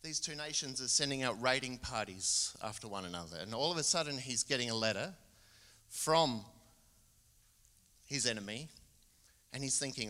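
A middle-aged man with an Australian accent preaching a sermon, telling a Bible story with lively acted-out quotes. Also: medium pitch, normal speed, pauses often. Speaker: guest preacher. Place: church. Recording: church hall reverb.

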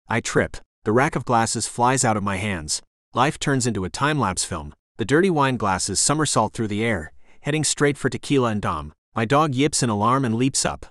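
A man narrating a first-person romance audiobook in a measured storytelling manner, on a close studio mic. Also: medium pitch, a bit bright, no echo.

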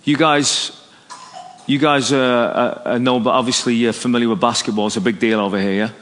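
A man's voice: medium pitch, brisk. A man preaching an evangelistic sermon, telling a story and acting out its dialogue. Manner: animated, story-driven, acts out dialogue. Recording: long hall reverb.

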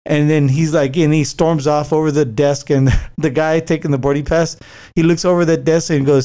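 A man's voice: a little high, steady tone, moderate pace, mellow. Rambling, swearing man telling a story. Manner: rambling, profane, many fillers and restarts; laughs easily. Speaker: traveler recounting a work trip. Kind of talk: casual storytelling chat.

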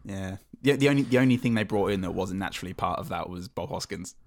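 A man's voice: low voice, quick pace. A man co-hosting a comedy podcast, joking and rambling with stammered restarts. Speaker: podcast co-host. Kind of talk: casual comedic chat.

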